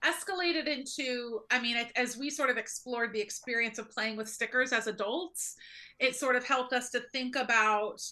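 A woman's voice: a little high, normal speed, pushed and bright. A young woman from Ohio, a therapist guesting on a podcast, chatting cheerfully and laughing often. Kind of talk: casual interview chat.

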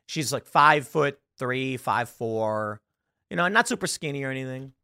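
A young man hosting a podcast, talking casually in an animated, ranting way and jumping up in pitch for emphasis. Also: normal speed, creaky, clear, resonant tone, no room sound, studio quality. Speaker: podcast host. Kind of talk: casual political talk.

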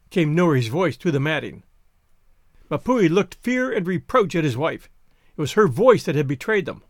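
A man narrating a classic short story as a podcast host, expressive with varied character voices. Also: fairly high pitch, normal speed, dry recording, studio quality. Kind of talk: storybook reading.

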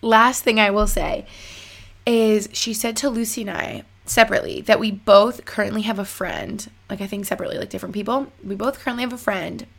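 A woman's voice: medium pitch, fairly even intonation, a little fast, gravelly. A young woman telling a story casually to her viewers, chatty and full of fillers. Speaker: vlogger.

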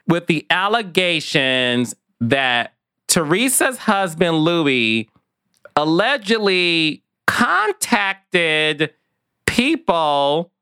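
A man's voice: fairly high pitch, pushed and bright, clear, resonant tone, no echo, clean studio sound. A man hosting a gossip podcast, sassy and chatty, calling listeners "child" and "honey". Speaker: podcast host.

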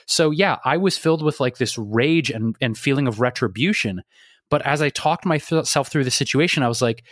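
A man's voice: mid-range voice, lively intonation, moderate pace, no room sound, studio quality. A man co-hosting a podcast, talking in a rambling, confessional way and swearing freely. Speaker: podcast co-host. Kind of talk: candid conversational chat.

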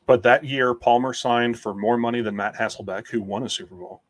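A man's voice: medium pitch, fairly even intonation, brisk, no room sound. A man who writes about football, chatting on a sports podcast and reciting contract figures in an analytical way. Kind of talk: casual sports podcast chat.

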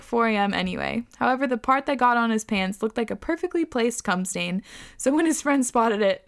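A woman's voice: medium pitch, a bit bright. A young woman hosting a casual podcast, reading listener stories aloud with chatty, laughing reactions and plenty of swearing. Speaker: podcast host.

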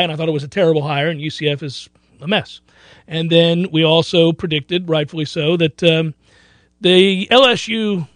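A man's voice: sits high, fairly bright tone, no echo. A man hosting a sports talk radio show, boastful and joking, rambling between bets and news.

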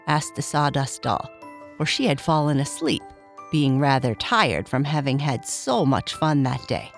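Low-voiced woman reading a children's story. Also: unhurried, faint music behind. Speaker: narrator.

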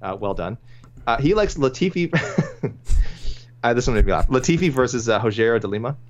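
A man co-hosting a casual sports podcast, chatting loosely and chuckling as he reads through listener suggestions. His voice sits at an ordinary middle pitch. The audio is a little dull and lo-fi. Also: expressive, brisk, a little hiss or hum. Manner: chatty, chuckling, many restarts. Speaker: podcast co-host reading listener picks.

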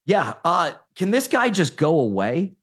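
A man with a high voice and a swooping, lively delivery, chatting as a talk-show guest. He gets animated, laughs readily and stumbles over repeated words as he builds up steam. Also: measured pace, breathy edge. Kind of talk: casual opinion chat.

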